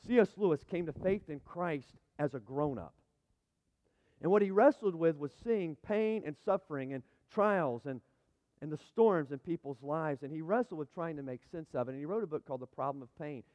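A man preaching a sermon, emphatic and building to loud peaks as he speaks. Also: on the high side. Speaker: pastor. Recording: dull sound, long hall reverb.

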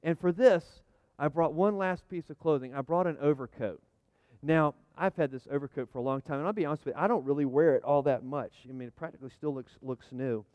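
A man's voice: on the high side, fairly quick, dry recording, dull audio. A middle-aged man preaching a chatty, folksy sermon, full of restarts and asides, joking with the congregation and calling for amens. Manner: jokes with the congregation, calls for amens. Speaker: pastor. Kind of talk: conversational sermon with props.

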